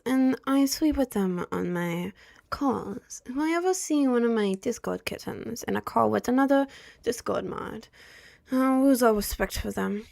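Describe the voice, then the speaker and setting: Girl putting on a smug self-important head mod w/ a fake accent, boasty, goes all hushed. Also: medium pitch, gravelly, no echo, clean studio sound. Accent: put-on accent.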